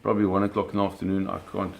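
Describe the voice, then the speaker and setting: A middle-aged man with a slightly low voice tells a story in a casual, spoken way. He is animated, and he punctuates it with sound effects and acted-out quotes. Pace and energy surge and drop as he talks. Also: rapid-fire, vocal fry, slight background noise. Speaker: storyteller recounting a fishing trip.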